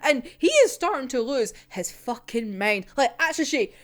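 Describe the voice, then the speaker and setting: A woman's voice: high-pitched, sing-song, moderate pace. A young woman in a casual, profane reaction rant, exasperated and breaking into laughter. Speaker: manga reviewer.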